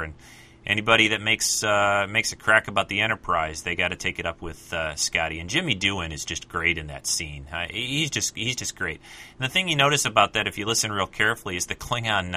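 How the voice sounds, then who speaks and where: A man's voice: deep voice, pushed and bright. A man hosting a casual fan commentary, rambling with many fillers and restarts. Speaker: podcast host.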